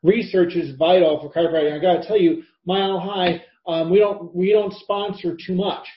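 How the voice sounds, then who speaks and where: A man's voice: fairly high pitch, fairly quick, hardly any pauses. A male host interviewing a guest, upbeat and appreciative. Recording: echoey, muffled, faint hiss.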